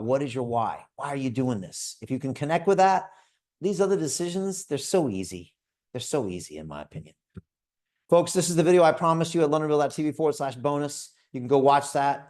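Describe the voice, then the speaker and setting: Energetic man giving a sales pitch. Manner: energetic, direct, addresses listeners as folks. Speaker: host of a crypto investment club. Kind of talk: motivational sales pitch on a group video call.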